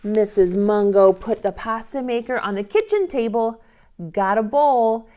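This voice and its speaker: A woman leading a toddler storytime, reading picture books and singing gently in a slow, sing-song way. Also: fairly high pitch, animated, a little hiss or hum. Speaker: children's librarian. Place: library storytime recorded on camera.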